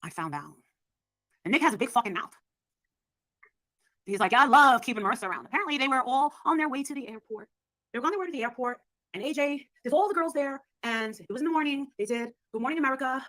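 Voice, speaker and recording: A woman telling a story in an excitable, profane way, acting out what others said. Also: high voice, fast, no room sound, rough recording. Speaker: storyteller recounting past events. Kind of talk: animated casual storytelling.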